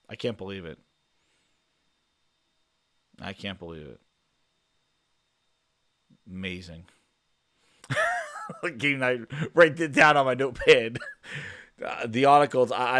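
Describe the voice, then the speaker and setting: A man hosting a casual gaming podcast, talking with mock-dramatic, sarcastic hype, stammering and trailing off quietly. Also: fairly low pitch, dry recording. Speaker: podcast host.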